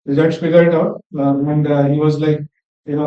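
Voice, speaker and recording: A man's voice: on the high side, little pitch movement, brisk, dark tone. A young man joining a workshop to share public speaking tips, hesitant and full of fillers. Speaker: workshop participant. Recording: dull, roomy sound from far off the mic.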